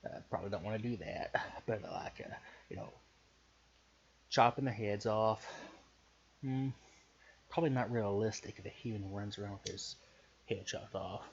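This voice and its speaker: A man with a Southern US accent pitching a story in loose, profane, hesitant casual talk full of fillers. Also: normal speed, pauses often, husky. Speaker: podcaster pitching a story idea. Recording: muffled recording with faint hiss.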